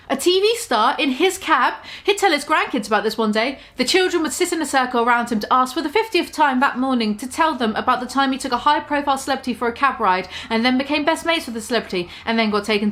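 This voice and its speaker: A woman's voice: fairly high pitch, expressive, fast, few pauses, a bit bright. A woman casually reading her own comic story aloud, tripping over words and poking fun at herself. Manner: stumbling, self-deprecating, laughs at her own writing.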